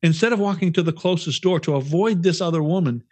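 A fast-talking man with a voice on the high side co-hosts a podcast. He tells stories in casual chat, swearing often and restarting his sentences as he rambles.

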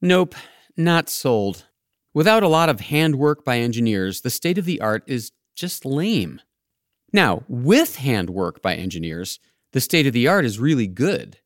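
Man, podcast host, wry scripted narration, lively pitch, dry sound. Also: measured pace, dry recording. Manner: wry, playful.

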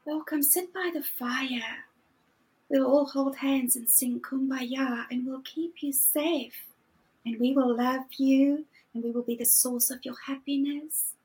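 Whispered role-play: woman as a coaxing, smothering tribe voice, soft and low. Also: fairly even intonation, slow, low-quality recording.

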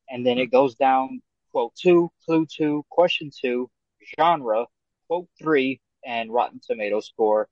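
A man's voice: medium pitch, slow, darkish tone, no echo, muffled recording. A man in casual podcast chat, bluntly explaining the rules of a quiz game and swearing freely.

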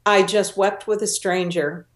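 A woman's voice: medium pitch, steady tone. Earnest older woman in a roomy space. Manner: earnest, emotional, slows down for emphasis. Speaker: guest. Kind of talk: personal storytelling interview. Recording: roomy echo.

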